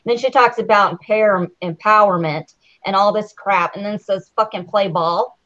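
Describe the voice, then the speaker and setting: A woman co-hosting a casual live-stream chat, animated and jokey. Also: medium pitch, moderate pace. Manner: animated, jokey, mimics houseguests. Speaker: podcast co-host. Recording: muffled lo-fi audio.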